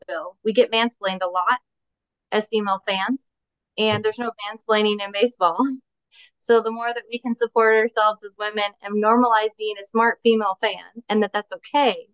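A woman's voice: medium pitch, dry recording, lo-fi sound. A woman from Minnesota, a podcast guest and small business owner, chatting casually and acting out little stories. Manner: animated storytelling, acts out quoted voices. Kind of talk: casual interview chat.

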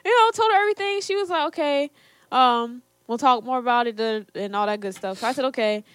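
A young woman with a bright, fairly high voice recounts a personal story for her vlog. She quotes her parents as she goes and laughs often. The sound is close and dry. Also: a little fast, clear, resonant tone, no echo. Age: young adult. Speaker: storyteller, co-host. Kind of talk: casual storytelling to camera.

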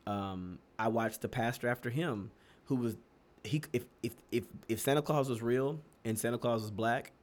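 Young texas guy on a podcast, mid pitch, lively storytelling, laughs a lot. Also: normal speed. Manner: animated, laughs often, jumps to high pitch for emphasis. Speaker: podcast co-host. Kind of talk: casual storytelling chat.

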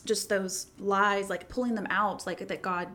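A young woman interviewing a guest, talking gently and casually with many fillers. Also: mid-range voice, steady tone, a little slow. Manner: gentle, filler-heavy, lots of likes and ums. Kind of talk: casual faith conversation.

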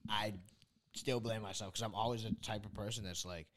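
A man's voice: fairly low pitch, fairly even intonation, a little fast, fairly bright tone. A man in a casual podcast chat, laid-back and swearing casually as he tells his side of a night out. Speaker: podcast guest.

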